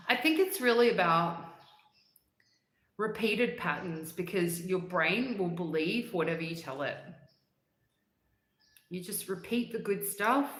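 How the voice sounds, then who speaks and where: A woman hosts a casual livestream and chats with viewers in an upbeat, easygoing way. She laughs often and breaks into hummed snippets of songs. Her voice sits on the low side, and the room around her is echoey. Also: a bit bright. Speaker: livestream host. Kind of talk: casual livestream chat reading comments.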